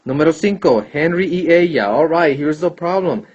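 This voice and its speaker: A man's voice: on the high side, animated, moderate pace, darkish tone. A man teaching a Spanish grammar lesson, patiently repeating and checking answers aloud. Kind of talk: classroom lesson explaining grammar. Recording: dull lo-fi recording.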